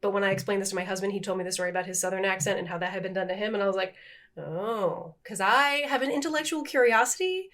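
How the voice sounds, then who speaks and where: A woman's voice: mid-range voice, very fast, hardly any pauses. A middle-aged woman co-hosting a podcast, chatting casually and laughing at her own slip-ups. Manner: animated, self-deprecating, laughs at herself. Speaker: podcast co-host. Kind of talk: casual chat.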